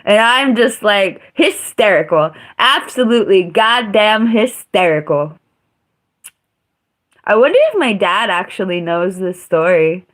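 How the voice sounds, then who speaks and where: Female streamer, unhurried, blunt and profane storyteller. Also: medium pitch, lively intonation, a bit bright. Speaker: live streamer. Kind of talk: casual storytelling.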